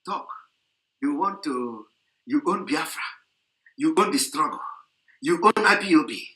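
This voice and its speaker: A man's voice: a little high, lively intonation, unhurried, sharp tone, echoey room. A man delivering a heated, repetitive, scolding political rant on an online radio broadcast.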